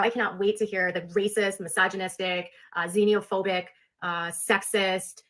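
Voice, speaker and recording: A woman's voice: mid-range voice, steady tone, normal speed, a bit bright. Chatty sarcastic woman streamer. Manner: chatty, filler-heavy, sarcastic. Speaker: live streamer. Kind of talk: casual chat.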